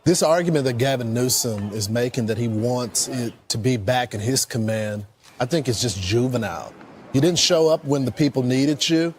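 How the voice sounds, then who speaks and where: A man's voice: mid-range voice, normal speed, slight background noise. A man giving opinionated commentary, listing one grievance after another in a critical tone. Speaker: political commentator.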